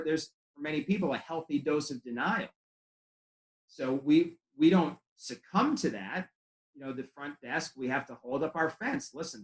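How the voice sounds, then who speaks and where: Heard through poor audio in an echoey room, a man with a fairly high, slightly bright voice gives a training talk to chiropractors. He coaches them conversationally, telling stories in which he acts out quotes.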